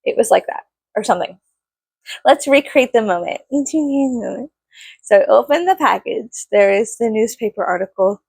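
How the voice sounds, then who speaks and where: A woman's voice: mid-range voice, animated, moderate pace, creaky, a little mellow, husky, dry recording. A woman vlogger chatting casually through an unboxing, giggly, rambling and poking fun at herself. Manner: giggly, rambling and self-mocking. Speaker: vlogger reviewing a perfume package.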